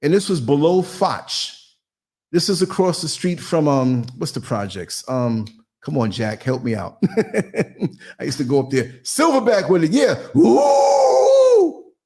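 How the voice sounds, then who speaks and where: A man hosting a live podcast, telling a story in an animated, theatrical way and acting out voices and sounds. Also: fairly high pitch, moderate pace. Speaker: podcast host.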